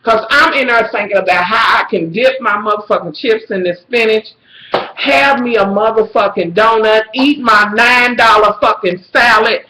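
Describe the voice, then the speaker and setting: Woman, bright tone, dramatic storytelling rant, roomy echo. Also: normal speed. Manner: loud, dramatic, swings between shrill squeals and low mutters. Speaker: vlogger. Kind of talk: profane storytelling rant to camera.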